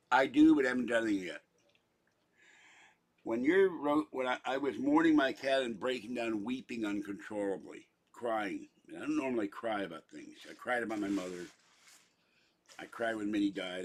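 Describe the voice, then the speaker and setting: An older man from Pittsburgh, talking to camera in a meandering, chatty way. His voice sits fairly low, and he drifts from one story to the next with theatrical asides. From Pittsburgh, Pennsylvania. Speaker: vlogger. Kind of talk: rambling casual monologue.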